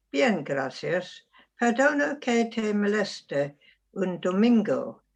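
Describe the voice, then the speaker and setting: Creaky, husky older woman reading aloud. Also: mid-range voice. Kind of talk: reading a dialogue aloud in class.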